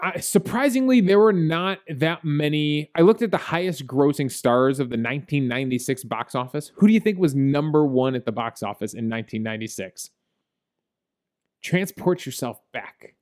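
Chatty guy on a movie podcast, kinda high voice, laughs a lot, lots of ums. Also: lively intonation, normal speed, a little mellow. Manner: chatty, laughs often, many fillers. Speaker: podcast co-host. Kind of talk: casual movie review chat.

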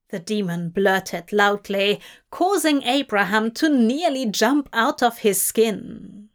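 A woman reads a story aloud at a slow, unhurried pace. Her voice sits fairly high, and her delivery stays even and measured throughout. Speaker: narrator. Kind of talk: scripted storybook narration.

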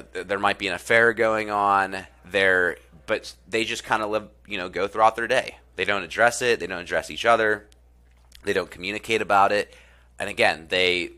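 A man talks about self-improvement in a casual, earnest way. His low-pitched voice is bright and forceful. He often repeats phrases and drops in fillers as he retells a story. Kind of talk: casual spoken talk and storytelling.

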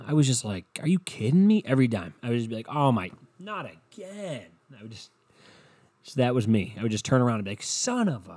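In a mellow, lowish voice with no echo, a man co-hosting a podcast rambles through a self-deprecating story. His casual storytelling rant is laced with constant profanity.

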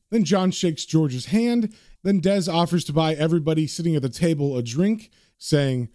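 A man's voice: on the high side, fairly quick, mellow, no room sound, studio quality. A man casually narrating a comic book, chatty and conversational, with frequent fillers.

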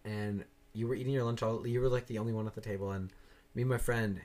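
A man's voice: steady tone, fast, darkish tone. A young man in casual chat, rambling through stories with lots of swearing and acted-out quotes. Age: young adult. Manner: rambling, swearing, acts out quoted voices with big jumps up in pitch.

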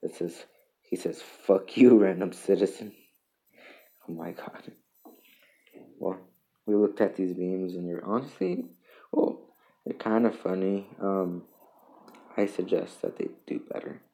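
A man hosting a casual solo podcast, reading memes aloud in a halting way with chuckles and restarts. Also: low-pitched, expressive, vocal fry, warm tone. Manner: halting, self-interrupting, chuckles between lines. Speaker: podcast host.

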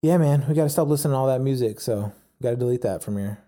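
A man's voice: mid-range voice, rapid-fire, mellow. A man co-hosting a podcast in casual chat, chatty and full of questions. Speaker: podcast co-host.

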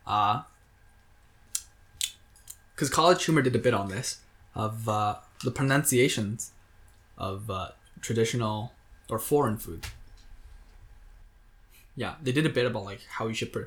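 A man's voice: lowish voice, moderate pace, pauses often. Teasing, rambling man in casual chat. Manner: teasing, rambling, soft-spoken asides.

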